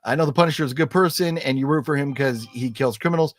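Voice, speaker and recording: A man hosting a casual live chat, reading out chat messages as he goes, animated and rambling, with many fillers and restarts. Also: mid-range voice, fast, no room sound, studio quality. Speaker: livestream host reading chat.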